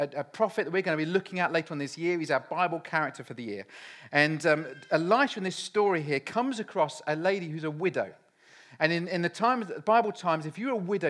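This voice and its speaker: A man, preaching a sermon and telling stories about his family in a lively, self-deprecating way. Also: high-pitched. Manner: animated storytelling, self-deprecating. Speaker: pastor.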